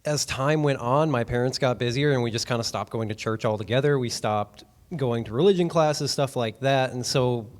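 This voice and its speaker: A man telling his personal faith story in an interview, speaking softly and hesitantly. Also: medium pitch, normal speed, few pauses.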